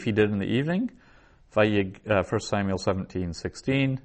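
A man teaching a class in a slow, deliberate lecture, spelling out each word and repeating it before he explains it. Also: fairly low pitch, a little mellow. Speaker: Biblical Hebrew teacher.

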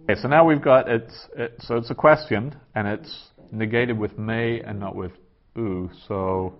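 Slow, low-voiced man teaching a class. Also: steady tone. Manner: halting, thinking aloud with many fillers. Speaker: Greek teacher. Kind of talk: classroom lesson, translating aloud. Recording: dull lo-fi classroom recording.

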